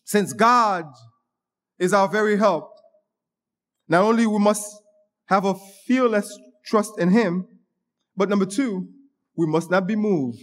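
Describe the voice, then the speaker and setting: A man's voice: high voice, slow, pauses often, a bit bright. A man preaching a sermon, emphatic, often restarting his words mid-phrase. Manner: emphatic, with repeated restarts and stammers. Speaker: pastor.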